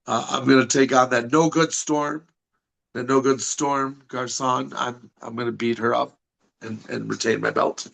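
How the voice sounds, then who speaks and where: A man's voice: medium pitch, fairly even intonation, a little slow, vocal fry, fairly bright tone, poor audio. A man chatting as a podcast guest, brash and swearing, talking up his wrestling events while losing his voice. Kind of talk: casual chat.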